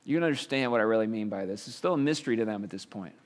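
A man's voice: lowish voice, animated, racing. A middle-aged man preaching a sermon as a pastor, explaining scripture in a conversational way with rhetorical questions. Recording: reverberant hall.

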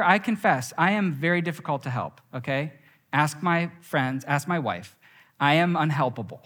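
Animated young pastor in a reverberant hall. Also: male voice, on the high side, moderate pace. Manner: animated storytelling with acted quotes. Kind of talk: sermon.

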